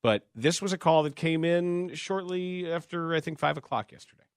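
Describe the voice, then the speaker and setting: A man hosting a sports radio talk show, chatting in an animated way, laughing often and restarting his sentences. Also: on the high side, moderate pace, clear, resonant tone, dry recording, clean studio sound.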